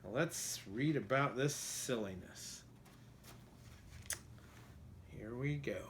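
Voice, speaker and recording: A man reading a children's picture book aloud in an expressive way, pausing to ask his listeners questions. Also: mid-range voice, slight background noise. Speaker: storybook reader. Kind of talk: children's storybook read-aloud.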